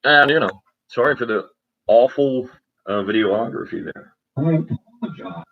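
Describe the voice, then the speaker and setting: A man rambling on a solo livestream from his home cabin, talking into a laptop, halting and restarting often. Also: mid-range voice, lo-fi sound. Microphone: laptop microphone.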